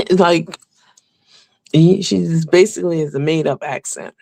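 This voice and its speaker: A woman's voice: low voice, slow pace, vocal fry, mellow. A woman hosting a casual celebrity gossip rundown, blunt and candid, with frequent filler words. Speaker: gossip show host.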